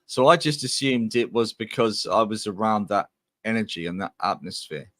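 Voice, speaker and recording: A man's voice: on the low side, animated, normal speed, a bit bright, dry recording. A man from England, a guest medium, telling his life story in a chatty, rambling way on a video call podcast. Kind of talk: casual podcast interview.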